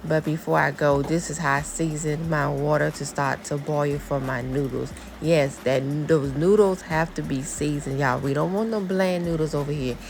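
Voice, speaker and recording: A woman's voice: low-pitched, moderate pace, gravelly, hardly any pauses, a little mellow, a little hiss or hum. A woman narrating her home cooking for viewers in a chatty, casual way, calling them y'all. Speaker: cooking vlogger.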